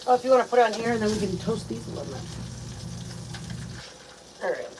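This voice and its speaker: Chatty woman cooking over loud sizzle. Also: fairly high pitch, quick pace, background noise. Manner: chatty, excitable, talks straight to viewers. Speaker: home cooking vlogger. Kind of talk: casual cooking chat. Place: home kitchen. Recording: kitchen with loud frying and sizzling.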